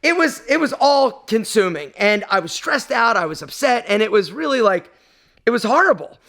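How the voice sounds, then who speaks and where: A man's voice: very high-pitched, very animated, moderate pace, fairly bright tone. A man telling a personal story on his vlog, emotional and rambling, with lots of fillers. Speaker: vlog host.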